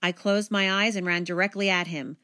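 A woman teacher reading a children's picture book aloud, with expressive, animated storytelling. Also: medium pitch, a little fast.

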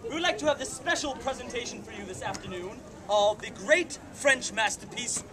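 A man's voice: very high voice, expressive, normal speed, far from the mic. A man playing a pompous Italian stage director. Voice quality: pompous, theatrical, exasperated. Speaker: actor. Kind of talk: outdoor fair comedy theater. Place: outdoor fair stage. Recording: outdoor crowd noise. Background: crowd.

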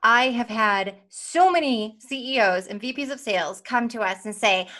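A woman's voice: mid-range voice, brisk, few pauses, pushed and bright. Emphatic woman sales executive. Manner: emphatic, repeats phrases for effect; uses "like" as a filler. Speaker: sales consultancy CEO, guest. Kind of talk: energetic business podcast talk.

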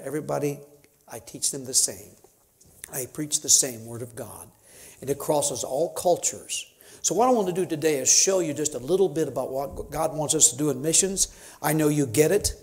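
A man's voice: fairly high pitch, moderate pace, a little mellow. A man in his fifties, a missionary preaching a sermon in church, folksy and conversational, building to emphatic preaching. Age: 50s. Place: church sanctuary.

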